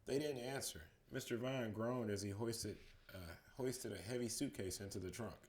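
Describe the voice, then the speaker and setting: Dad reading a bedtime story. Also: male voice, fairly low pitch, moderate pace, a little mellow. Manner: reads steadily, livens up the quoted lines. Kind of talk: reading a children's book aloud.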